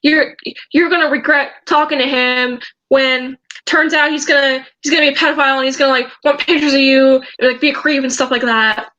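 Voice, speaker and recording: A woman's voice: high voice, fairly even intonation, brisk, sharp tone, muffled recording. A teenage girl vlogger telling a story in a rambling, agitated way, with many restarts. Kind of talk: storytime vlog.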